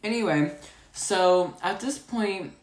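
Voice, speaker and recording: A woman's voice: medium pitch, slow, echoey room. A young woman, congested, telling a casual storytime about work with lots of likes and you-know-what-I-means. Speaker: storytime vlogger.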